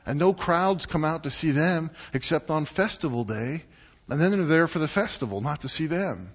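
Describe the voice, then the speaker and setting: A man preaching a sermon to a congregation in a church, conversational and animated, often asking the listeners questions. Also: fairly high pitch, normal speed, breathy edge, lo-fi sound. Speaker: pastor.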